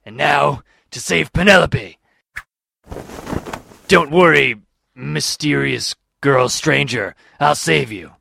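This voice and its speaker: A man playing an earnest, pompous masked crimefighter in a comedy radio play, with gruff, melodramatic bravado. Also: a little high, slow pace, long pauses, bright, forceful tone, no echo, full character voice. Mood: heroic.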